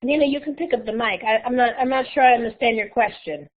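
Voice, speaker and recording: A woman's voice: fairly high pitch, quick pace. A woman teaching a live online Spanish class, explaining patiently step by step. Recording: tinny phone-like audio.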